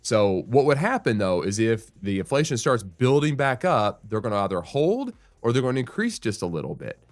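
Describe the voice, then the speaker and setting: A man's voice: mid-range voice, very animated, moderate pace, no echo, soft background music. A man hosting a real estate show, explaining market news in a conversational, thinking-aloud way with restarts and frequent "right?" asides.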